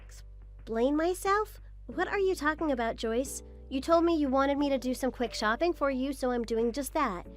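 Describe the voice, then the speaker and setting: A woman playing a meek, high-voiced daughter-in-law. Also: normal speed, faint music behind, close to an everyday voice. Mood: apologetic. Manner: apologetic, polite, gently defensive. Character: patient young daughter-in-law, eager to please. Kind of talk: scripted story narration drama.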